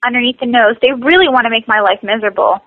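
A woman with a fairly high voice leads a guided tapping session, repeating short phrases slowly. The sound is dull and lo-fi, as over a call, and dry with no room echo. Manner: slow, repetitive scripted phrases. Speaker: tapping coach.

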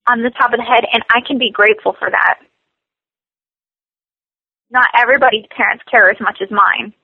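A woman with a fairly high voice leads a guided tapping session, repeating short phrases slowly. The sound is dull and lo-fi, as over a call, and dry with no room echo. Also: fairly even intonation, slightly rough. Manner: slow, repetitive scripted phrases. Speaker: tapping coach.

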